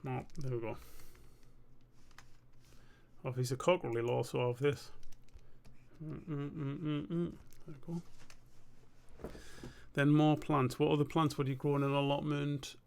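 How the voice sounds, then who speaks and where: Gravelly young man muttering. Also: mid-range voice, moderate pace, pauses often. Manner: muttering to himself, self-questioning, relaxed. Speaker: live streamer. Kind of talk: casual thinking aloud while drawing.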